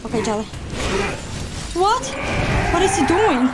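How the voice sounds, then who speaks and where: A woman streaming a video game, reacting excitably with shouts and swearing. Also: sits high, a little slow, pauses often, loud music behind the voice. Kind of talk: live gameplay reaction.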